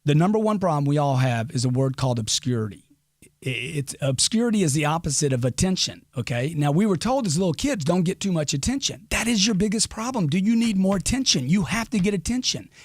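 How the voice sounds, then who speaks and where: A middle-aged man giving a brash, emphatic, crude motivational talk as an interview guest. His voice sits a bit high. The sound is close and dry. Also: lively intonation, fast talker, no echo. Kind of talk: podcast interview.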